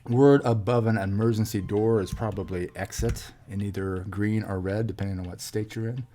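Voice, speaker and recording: Male host, low-ish voice, slow casual puzzle chat with fillers. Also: mellow. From USA. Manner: thinking aloud, many fillers and restarts. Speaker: crossword solver host. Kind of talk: casual solo puzzle commentary.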